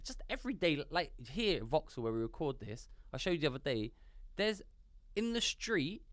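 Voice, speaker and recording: A man from Iran co-hosting a comedy podcast, an animated storyteller in casual chat recorded in a podcast studio. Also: fairly high pitch, moderate pace, no echo. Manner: animated storyteller who jumps into impressions. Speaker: podcast co-host.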